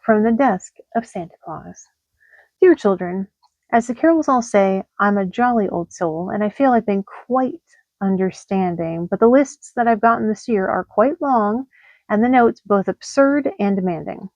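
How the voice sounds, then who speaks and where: A woman reading rhyming holiday letters aloud in a lively sing-song delivery. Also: medium pitch, normal speed, dry recording, muffled recording. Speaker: storyteller.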